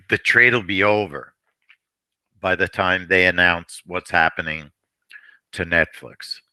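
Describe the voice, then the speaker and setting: Slow, deep-voiced man coaching traders. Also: pushed and bright, no room sound. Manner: rambling, repeats phrases, frequent throat clearing. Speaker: trading stream host. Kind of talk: live trading commentary.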